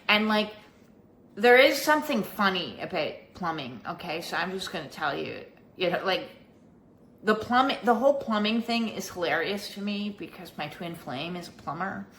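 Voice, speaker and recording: A middle-aged woman vlogging about her spiritual life, talking in a halting, rambling way with many fillers. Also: on the low side, expressive, fairly bright tone, reverberant. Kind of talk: casual personal storytelling.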